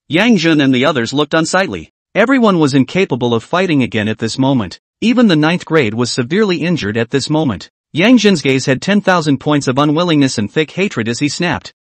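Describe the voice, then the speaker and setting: A male narrator reads a martial fantasy audiobook in a steady, even way. His voice sits a little high, and the recording is dry and close with no room sound. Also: brisk, few pauses, dry recording.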